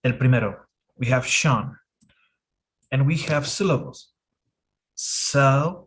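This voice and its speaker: A man teaching an English pronunciation lesson in a casual way, often checking in with "okay". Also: medium pitch. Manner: slow, relaxed explaining with frequent "okay".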